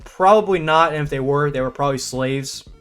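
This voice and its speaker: Young man, casual film review, slightly high voice, rambling, stop-start, faint music underneath. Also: fairly quick, clear, resonant tone. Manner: rambling, stop-start, many fillers and restarts; laughs often, animated bursts. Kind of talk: casual spoken movie review.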